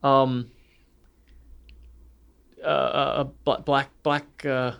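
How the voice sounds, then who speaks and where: A man co-hosting a podcast in casual chat, telling stories with animated delivery, often laughing and tripping over his words. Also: mid-range voice, very slow, vocal fry, clean tone, highs cut off. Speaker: podcast co-host.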